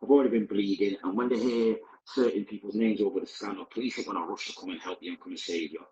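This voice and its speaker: A man's voice: on the low side, fairly even intonation, quick pace, a little mellow, echoey room, dull audio, a little hiss or hum. A man, a podcast guest, recounting his past in a candid, vivid, blunt present-tense way. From Manchester, England. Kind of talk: personal storytelling.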